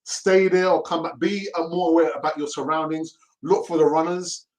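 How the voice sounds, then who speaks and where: Brief: middle-aged man, fan-channel host, loose and chatty, a little higher-pitched than most men, laughs easily. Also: fairly even intonation, normal speed, rough recording. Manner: chatty and laughing, often repeats himself. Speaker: host of a fan live stream. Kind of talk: casual live-stream chat.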